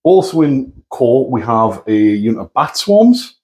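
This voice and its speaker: A man's voice: medium pitch, sing-song, a little slow, mellow, rough recording. A man co-hosting a tabletop wargame battle report, talking casually and correcting himself as he goes. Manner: easygoing, rambling, self-correcting. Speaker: co-host of a tabletop wargaming channel. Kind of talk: casual chat.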